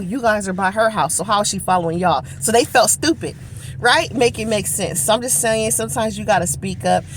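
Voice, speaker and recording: A woman telling viewers an animated storytime in a casual vlog. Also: mid-range voice, a little hiss or hum. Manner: animated, talking straight to viewers. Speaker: vlogger.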